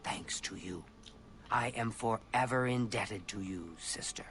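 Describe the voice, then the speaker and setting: An actor playing a sly male lizard assassin contact in a game, speaking in a hushed, scheming way. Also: fairly low pitch, a little slow, a little hiss or hum. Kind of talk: game dialogue.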